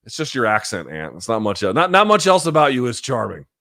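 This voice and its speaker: A man's voice: mid-range voice, huge pitch swings, fast, a bit bright, dry recording, clean studio sound. A man in his forties hosting a live chat show, reading out viewer questions and answering bluntly, with casual profanity and a habit of thinking aloud. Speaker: host.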